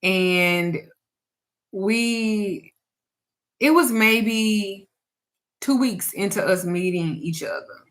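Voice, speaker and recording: A woman's voice: mid-range voice, very slow, long pauses. A woman who teaches spiritual practice and does readings, telling a personal story in casual, candid talk. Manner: candid and reflective, trails off with restarts.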